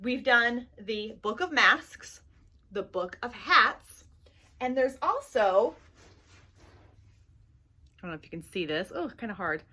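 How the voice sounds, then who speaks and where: A woman's voice: a little high, big pitch swings, takes it slowly, pauses often, pushed and bright, husky. A woman leading a children's story time at a library, reading aloud playfully and laughing often. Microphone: camera mic in a library room.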